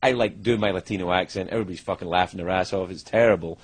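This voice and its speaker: A middle-aged man telling career stories as an interview guest, animated and profane, acting out what others said. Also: low voice, very fast, breathy edge. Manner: animated, profane, acts out other people's lines. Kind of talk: candid storytelling interview.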